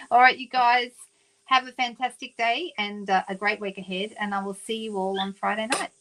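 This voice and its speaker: A woman's voice: fairly high pitch, steady tone, moderate pace, a bit bright, rough recording. A woman with an Australian accent hosts a papercraft livestream. She chats easily with her viewers and calls them by name. Her talk is loose and unscripted, full of small ums and restarts. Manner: chatty, talks to viewers by name, lots of ums. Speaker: papercraft demonstrator and host. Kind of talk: casual livestream chat.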